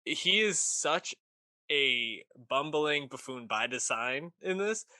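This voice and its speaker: A man's voice: a little high, animated, takes it slowly, pushed and bright, dry recording. A man co-hosting a pop culture podcast, chatting enthusiastically with slang and swearing. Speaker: podcast co-host. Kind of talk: casual chat.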